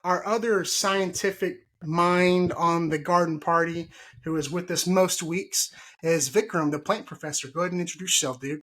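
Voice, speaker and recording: A man's voice: a little high, fairly even intonation, moderate pace, a bit bright. A man hosting a casual gardening podcast, rambling and joking with his guests. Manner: rambling, jokey, laughs often. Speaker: podcast host.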